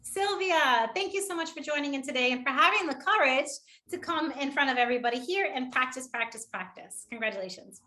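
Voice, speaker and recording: Bright, high-pitched woman coaching. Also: brisk, hardly any pauses. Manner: energetic, encouraging, laughs often. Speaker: public speaking trainer. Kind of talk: upbeat online workshop coaching.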